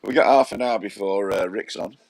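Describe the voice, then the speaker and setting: A man's voice: lowish voice, a little fast, vocal fry, no room sound. A man hosting a casual live stream, joking and reading viewer comments, close to a podcast microphone. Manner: jokey, reads viewer comments aloud. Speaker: live show host. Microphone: podcast mic close up.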